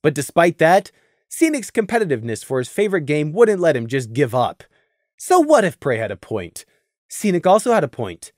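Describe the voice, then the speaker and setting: Very expressive fan audiobook narrator. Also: medium pitch, moderate pace, no echo, clean studio sound. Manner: expressive storytelling.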